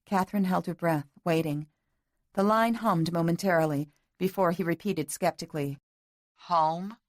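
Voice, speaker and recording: A woman narrating a romance audiobook in a measured, even storytelling manner on a close mic. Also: lowish voice, dry recording. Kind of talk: scripted narration.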